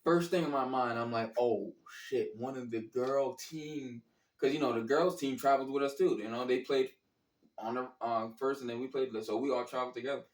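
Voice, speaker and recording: A man's voice: mid-range voice, fairly even intonation, quick pace. A man telling a story casually, with lots of slang and profanity, acting out his own reactions as he goes. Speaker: storyteller recounting a college basketball trip. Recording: echoey room, distant from the mic.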